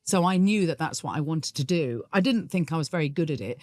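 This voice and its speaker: A woman's voice: low-pitched, animated, brisk, a little mellow, no echo, studio quality. A middle-aged woman, a musical theatre actress, talking candidly and laughing easily in a podcast interview. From England.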